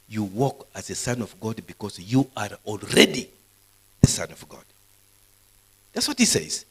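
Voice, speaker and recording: A middle-aged man preaching a live sermon at a university, animated, swinging between loud bursts and soft asides. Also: lowish voice, slightly rough, poor audio. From Kenya. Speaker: pastor. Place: university hall, live service.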